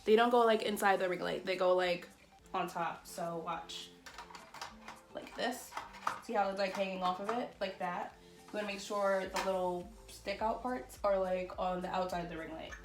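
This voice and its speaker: A woman vlogging from her bedroom, chatting casually and excitedly while she unboxes and sets up a ring light, with lots of "like" and "y'all". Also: medium pitch, moderate pace, music in the background. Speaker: beauty vlogger. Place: bedroom at home. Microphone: phone or camera on a tripod.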